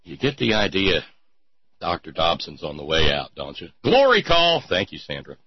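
A man's voice: low voice, huge pitch swings, moderate pace, husky, no echo. A man hosting a sarcastic commentary show, rambling with lots of fillers. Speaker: host. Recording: dull lo-fi podcast mic.

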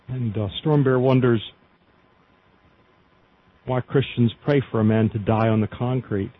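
Male host, mid pitch, husky, chatty news reader with fillers, muffled lo-fi sound. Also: unhurried, pauses often. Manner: reads articles aloud with frequent fillers and asides. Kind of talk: casual news commentary. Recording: dull lo-fi audio.

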